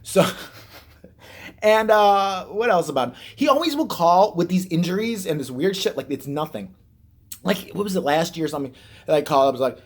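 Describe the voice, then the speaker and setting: A man's voice: sits high, expressive, moderate pace. A man from Chicago ranting casually to camera in a profane, sarcastic, rambling way. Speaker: vlogger. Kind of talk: casual vlog rant.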